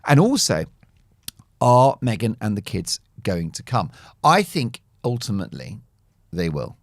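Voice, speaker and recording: A man's voice: lowish voice, wildly swooping pitch, measured pace, creaky, dry recording, clean studio sound. A man commenting as a talk show guest, wry and playful with self-mocking jokes. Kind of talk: opinionated talk show chat.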